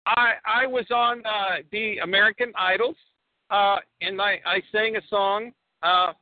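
Guy doing a bumbling foreign reporter voice, broken english, raised high, tinny phone. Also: animated, slow pace, no room sound. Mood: excited, bumbling. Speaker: prank caller. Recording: tinny phone line, dry.

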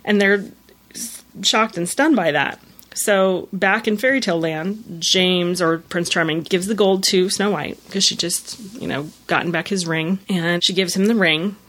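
A woman with a slightly low voice chats through a plot recap. She talks loosely and easily, scattering fillers as she goes. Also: a little slow, a bit bright. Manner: retells scenes with many "you know" fillers and acted-out quotes. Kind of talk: casual episode recap.

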